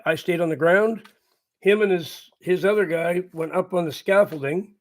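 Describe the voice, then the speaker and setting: A middle-aged man from Canada, hosting his channel and telling a rambling story casually, repeating himself and laughing as he goes. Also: fairly high pitch. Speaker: channel host. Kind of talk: casual storytelling to a live chat.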